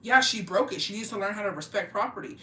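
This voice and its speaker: Woman putting on a snippy, self-righteous kindergarten teacher, bright voice, echoey room. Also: medium pitch, animated, quick pace, slight background noise. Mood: defensive. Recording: echoey room, mic at a distance.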